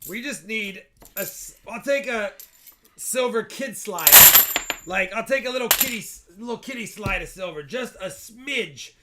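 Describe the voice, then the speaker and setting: A man's voice: sits high, animated, a little slow, heavy background noise. A man hosting a casual live stream, chatty and joking as he thanks donors. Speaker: livestream host.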